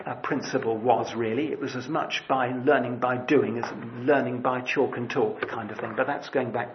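Rambling preacher, lo-fi. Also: male voice, medium pitch, steady tone, normal speed, background noise. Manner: conversational, rambling with restarts and asides. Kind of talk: sermon.

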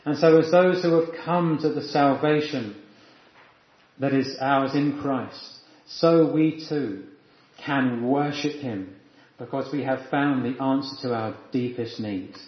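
A man's voice: mid-range voice, takes it slowly. A man preaching a sermon in an earnest, reflective teaching manner. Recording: echoey, dull lo-fi room sound.

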